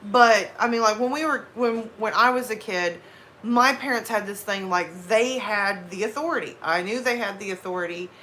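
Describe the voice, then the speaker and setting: A woman's voice: medium pitch, normal speed, bright, forceful tone, slight background noise. A woman in her thirties with a Southern US accent, casually chatting with her live chat and rambling through asides. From American South. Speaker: livestream host reading chat.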